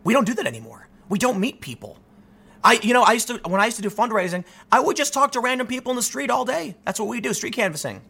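A young adult man from the United States hosting his own channel, ranting in solo commentary, animated and restless, often restarting his sentences. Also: extremely high pitch, fast talker, creaky, husky.

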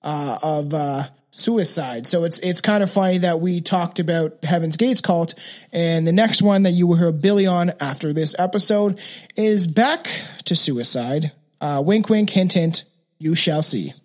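Man, podcast host, high voice, casual, rambling, searching for words. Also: measured pace. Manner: rambling, many fillers and restarts. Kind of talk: casual true crime podcast chat.

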